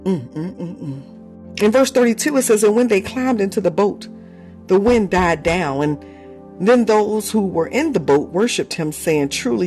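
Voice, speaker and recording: A woman's voice: mid-range voice, darkish tone. A woman leading a fervent live prayer, preaching with repeated phrases, bursts of tongues and laughter, calling on listeners by name. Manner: impassioned, repetitive, speaks in tongues, laughs between phrases. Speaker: prayer leader.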